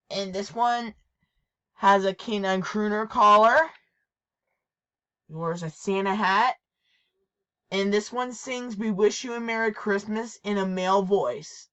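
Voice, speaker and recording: A woman with a mid-range, slightly bright voice shows off her toy collection in a casual show-and-tell, hesitating, repeating herself, and restarting sentences often. The audio sounds dull.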